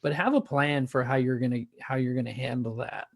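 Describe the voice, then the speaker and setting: A man's voice: mid-range voice, a little fast, creaky, no room sound, studio quality. A male podcast host interviewing a guest, rambling and encouraging with frequent restarts. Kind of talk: casual interview hosting.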